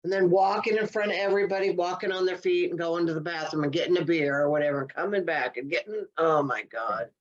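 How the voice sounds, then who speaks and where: A woman with a fairly low voice chats casually on a podcast and exclaims as she reacts. Her audio sounds dull and lo-fi. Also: quick pace, hardly any pauses. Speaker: podcast co-host. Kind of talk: casual chat.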